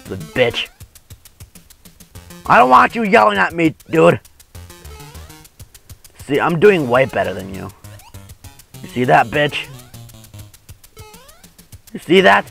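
A man commentating gameplay with a friend, crude and trash-talking, swearing and yelling often. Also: on the high side, big pitch swings, takes it slowly, creaky, pauses often, faint music behind. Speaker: gamer co-host.

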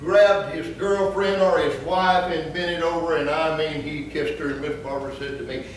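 A man pastor preaching a sermon, telling funny stories and then breaking into emphatic, shouted points. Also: on the high side, steady tone, normal speed, slight background noise. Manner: humorous storytelling that rises into emphatic preaching. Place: church sanctuary. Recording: echoey church from far off.

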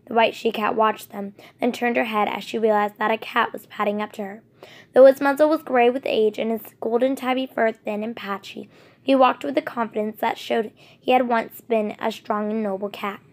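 A woman narrating a storybook in a measured, expressive reading. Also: fairly high pitch.

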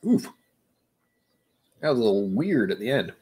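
Low-voiced male livestream host, a few whiskeys in, loose and self-deprecating. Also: sing-song, normal speed, pauses often, darkish tone, a little hiss or hum. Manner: loose, self-mocking, jokey asides. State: a bit tipsy from whiskey. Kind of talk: casual rambling livestream chat.

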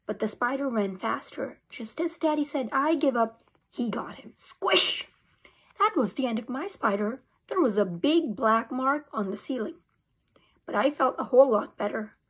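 A woman teacher reading a chapter book aloud to young students, expressive. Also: a little high, normal speed, breathy edge. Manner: expressive storytelling. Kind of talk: read-aloud for children.

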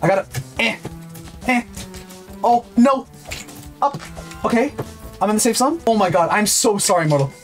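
A young man chatting loosely while playing party games online, quick to yelp and laugh. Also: extremely high pitch, faint music behind. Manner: excitable, yelps and laughs often. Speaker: gaming YouTuber. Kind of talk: casual gameplay banter.

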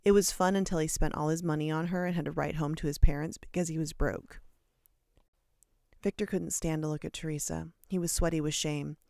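An audiobook reader narrating a short story in a steady, measured way. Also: medium pitch, creaky, no echo, studio quality. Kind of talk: storybook narration read aloud.

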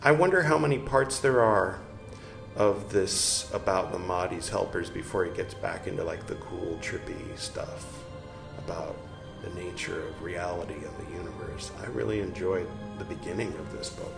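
A man's voice: sits low, moderate pace, creaky, roomy sound, over music. A man hosting a podcast, reading a text aloud and breaking off into rambling, self-mocking jokes. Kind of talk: reading aloud with joking asides.

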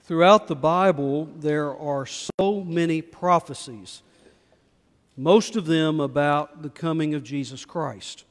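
A man leading a prayer and reading scripture aloud in church, measured and solemn with rising emphasis. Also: a little high. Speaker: pastor. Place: church sanctuary. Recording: long reverb of a church hall.

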